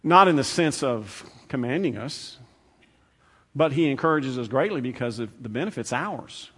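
A man's voice: medium pitch, expressive, normal speed, husky. Man preaching in a reverberant church. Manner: conversational preaching, shifts from loud to hushed, repeats phrases. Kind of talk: sermon. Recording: long hall reverb.

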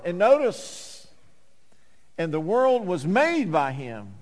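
A man preaching a sermon as pastor, swinging between loud urgent lines and hushed quiet ones. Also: high voice, huge pitch swings, takes it slowly, long reverb tail. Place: church sanctuary.

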